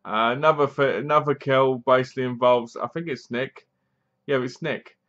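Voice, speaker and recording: A man's voice: mid-range voice, moderate pace, a bit bright, lo-fi sound. A man giving a casual spoken review of a film, rambling through the plot with dry, mocking remarks and acting out bits of scenes. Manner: rambling, acts out bits of scenes in funny voices.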